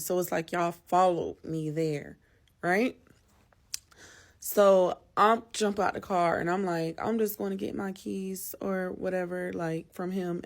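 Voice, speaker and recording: A woman telling a casual storytime straight to her listeners, chatty and blunt, swearing freely. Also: on the low side.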